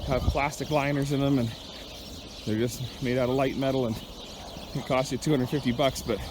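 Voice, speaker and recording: A man's voice: mid-range voice, fairly even intonation, normal speed. A man, a rancher chatting casually while doing chores, a little out of breath. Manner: chatty, rambling, talks to his dog. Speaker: cattle rancher. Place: outdoors on a snowy ranch. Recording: outdoor noise with animals. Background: cattle, birds and outdoor noise.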